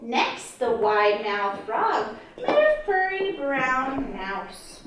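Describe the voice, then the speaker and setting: A woman's voice: on the high side, very animated, slow pace, fairly bright tone, slight background noise. Sing-song woman reading to young kids. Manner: sing-song, coaxing, teacherly. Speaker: children's librarian reading storytime. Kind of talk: reading a picture book to young children. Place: library program room. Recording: echoey room, from far off, children around.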